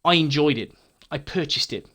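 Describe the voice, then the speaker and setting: A man's voice: a little high, normal speed, a bit bright. A man hosting a gaming channel, casually answering viewer comments in a frank, chatty way, often stumbling and repeating words.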